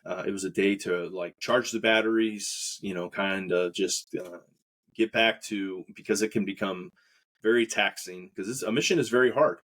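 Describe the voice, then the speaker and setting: Man, podcast host, lowish voice, casual storytelling, lots of fillers. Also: normal speed. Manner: relaxed, rambling with many fillers and quoted dialogue.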